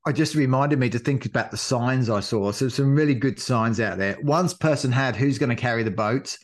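A man on a podcast, chatting casually and telling an animated race story full of acted-out quotes. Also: mid-range voice, fairly quick. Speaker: podcast co-host, marathon runner. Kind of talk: casual chat recounting a race.

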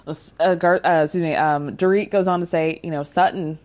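Brief: woman host, casual recap, sarcastic and blunt, voice jumps high when incredulous. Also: brisk. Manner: sarcastic, blunt, swears freely; animated, rising to incredulous highs.

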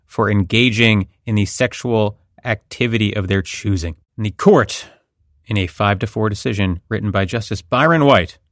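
A podcast host with a lowish, fairly bright voice walks through a court ruling at a moderate pace, wry and conversational in this legal analysis chat. The sound is clean studio audio with no room sound.

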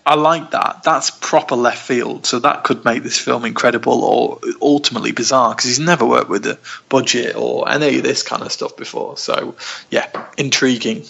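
A man's voice: mid-range voice, steady tone, moderate pace, creaky, a bit bright. A man chatting casually about films, rambling and enthusiastic, often restarting his sentences. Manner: rambling, enthusiastic, self-interrupting. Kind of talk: casual film chat. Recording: dull lo-fi recording.

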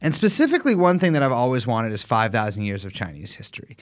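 A man co-hosting a comedy podcast, joking in a deadpan, ironic way. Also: medium pitch, quick pace. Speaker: podcast co-host. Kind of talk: casual comedic chat.

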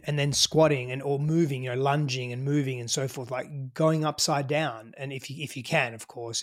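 A man with an Australian accent, a podcast guest talking loosely and emphatically in a casual interview, swearing freely. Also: medium pitch.

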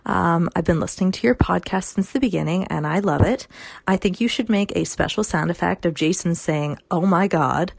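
Caller, woman from Canada, low gravelly voice, hesitant with ums, dry sound. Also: fairly quick, no room sound. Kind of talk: voicemail message.

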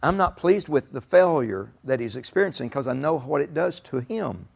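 A man's voice: mid-range voice, lively intonation, moderate pace, creaky, slightly rough. A middle-aged man preaching a sermon in a folksy, emphatic way. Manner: folksy, emphatic, rising to shouts and laughter. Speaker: pastor.

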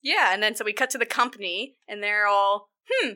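Bright-voiced woman telling a story animatedly. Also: medium pitch, brisk. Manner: animated storytelling, acting out characters in silly voices. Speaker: podcast co-host recapping a film. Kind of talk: casual chat.

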